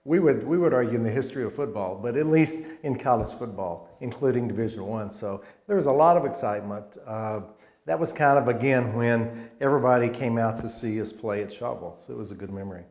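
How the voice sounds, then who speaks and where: A man in his sixties looks back on his college football days in a loose, rambling way, often restarting mid-sentence and getting animated at the highlights. His voice sits at an ordinary middle pitch and carries a noticeable roomy echo. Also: fairly quick. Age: 60s. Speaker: former college football player, alum guest. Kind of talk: casual interview, reminiscing.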